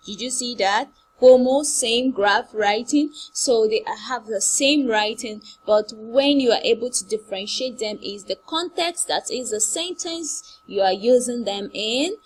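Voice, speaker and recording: A woman teacher giving an online class, repeating and stressing words slowly for her pupils. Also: medium pitch, slightly rough, poor audio.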